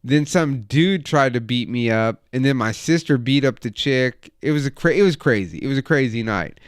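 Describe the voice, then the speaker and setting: A man's voice: mid-range voice, normal speed, clear, resonant tone, no room sound, clean studio sound. A man in his thirties telling a wild, profane story in casual chat as a podcast host. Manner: profane, animated anecdote telling.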